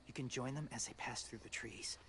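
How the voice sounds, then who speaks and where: A man playing a quiet, hesitant man who moves among the dead, heard in game audio with ambient noise. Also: medium pitch, fairly quick, close to an everyday voice.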